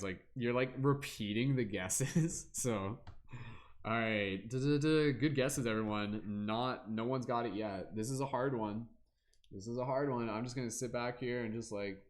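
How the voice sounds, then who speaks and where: On his tarot livestream, a man speaks in a loose, offhand manner, filling silences with fillers and hummed "da da da" bits. He keeps a fairly low pitch and a steady tone.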